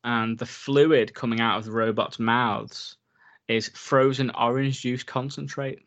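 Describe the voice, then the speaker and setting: A man's voice: mid-range voice, fairly even intonation, unhurried, fairly bright tone. A man, casually chatting about films as a podcast co-host, rambling with lots of fillers and reading facts aloud. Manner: laid-back, rambling with many "like"s, reads facts aloud. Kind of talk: casual film chat.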